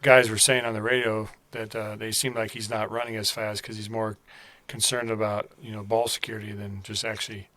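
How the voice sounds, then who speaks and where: A man co-hosts a laid-back sports podcast, rambling through his points with plenty of fillers. His voice is bright and clear, with a dry, close sound and no room echo. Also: lowish voice, a little fast, hardly any pauses. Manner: rambling, many fillers, excited bursts at game updates. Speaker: podcast co-host. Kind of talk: casual sports chat.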